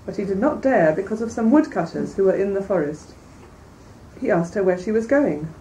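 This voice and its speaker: Female reader-lecturer, measured and clear, mellow tone; mic set back, faint hiss behind. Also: medium pitch, animated. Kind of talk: storybook reading, then lecture commentary. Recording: distant mic, faint background noise.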